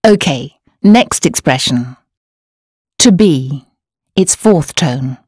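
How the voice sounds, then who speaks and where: A woman narrating a scripted language course, explaining words and tones in a clear, measured way. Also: deep voice, lively intonation, a little mellow, no echo. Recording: dry studio voice-over.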